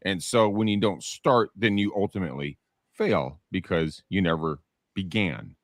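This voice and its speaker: A man's voice: deep voice, normal speed, no echo, studio quality. A man co-hosting a podcast who talks casually and often stumbles over his first words. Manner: hesitant, repeats words when starting. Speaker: podcast co-host. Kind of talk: casual round-table chat.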